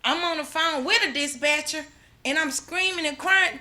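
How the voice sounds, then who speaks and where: Speaking at a moderate pace, a middle-aged woman uses a high voice that sounds pushed and bright. Her speech is an emotional personal testimony as a mother at an awards ceremony: fervent, repetitive, religious in phrasing, with frequent restarts.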